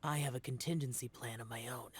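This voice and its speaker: A woman's voice: steady tone, fast, heavily acted. A woman voicing a brooding ancient male guardian. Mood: solemn. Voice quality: low and gravelly.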